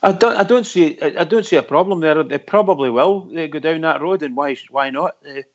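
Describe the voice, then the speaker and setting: A man's voice: fairly high pitch, fairly quick. A Scottish man calling into a radio show, talking earnestly and repeating himself. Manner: earnest, repeats himself, says wee and pal. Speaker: caller. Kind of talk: casual radio phone-in chat. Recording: lo-fi phone-in audio.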